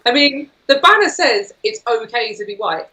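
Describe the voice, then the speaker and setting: A woman appearing as a guest on a talk show, speaking in an insistent, forceful and fluent way. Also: a little high, expressive, moderate pace, poor audio.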